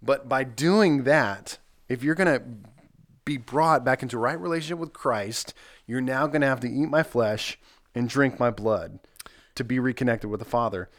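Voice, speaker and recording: A man's voice: medium pitch, normal speed, fairly bright tone. A middle-aged man co-hosting a casual devotional chat, earnestly walking through his Bible study points one by one. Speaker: podcast co-host leading Bible discussion.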